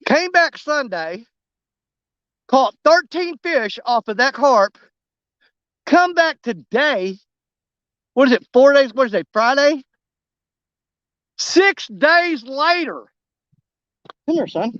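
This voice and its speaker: A man narrating a fishing trip on a snowy riverbank in a folksy, excitable way, talking straight to his viewers. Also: very high voice, slow, long pauses, dry recording, lo-fi sound. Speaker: fishing vlogger. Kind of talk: casual outdoor commentary.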